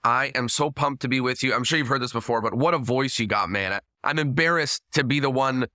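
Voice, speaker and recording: A man hosting a podcast, upbeat and chatty, with a somewhat squeaky voice. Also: fairly quick, pushed and bright, dry recording, clean studio sound. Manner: enthusiastic and chatty. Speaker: podcast host. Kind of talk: casual interview hosting.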